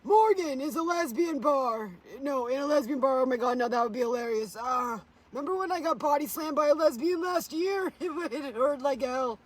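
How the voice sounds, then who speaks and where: A woman's voice: high-pitched, normal speed, few pauses. A woman livestreaming from her phone, rambling and swearing to her chat with frequent laughter. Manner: rambling, profane, laughs often.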